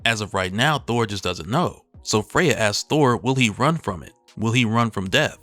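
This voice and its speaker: A man with a fairly low voice talks through a comic book story in a relaxed, conversational way. He recaps the plot like he's chatting with fans. The recording is dry and close, with no room sound. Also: normal speed, no echo, soft background music. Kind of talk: casual comic recap narration.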